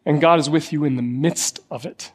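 A man's voice: fairly high pitch, normal speed, long reverb tail. A man preaching a sermon as a pastor, impassioned, with a rising and falling, repetitive cadence. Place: church sanctuary.

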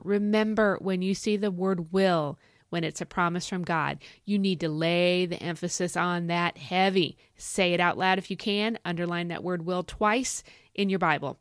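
A woman podcast host teaching from the Bible in an excited, folksy, emphatic way. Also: lowish voice, normal speed, clear, resonant tone, no echo, clean studio sound. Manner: animated, folksy, emphatic with y'all.

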